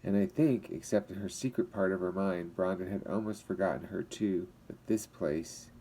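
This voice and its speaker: A man reads a chapter book aloud to children in a low, dark, mellow voice. He reads expressively and gives each character a voice of their own. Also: moderate pace, slight background noise, low-quality recording. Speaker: teacher reading to children.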